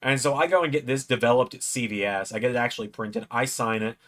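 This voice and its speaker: The man talks fast, his medium-pitched voice fairly bright and fairly even in intonation. Hosting a watch-along from home, he rambles through a long personal tale and acts out quotes with a raised voice.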